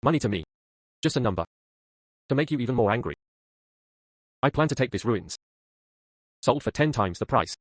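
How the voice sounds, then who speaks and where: A calm, unbothered rich young man, read by a male dub voice, cool and matter-of-fact. The voice sits at a middle pitch and sounds dry and close. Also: normal speed, pauses often, husky, dry recording.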